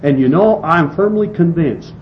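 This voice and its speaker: A man preaching a sermon, reading scripture and expounding it with slow, emphatic delivery and some restarts. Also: a little high, expressive, music in the background. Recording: dull lo-fi recording with faint hiss.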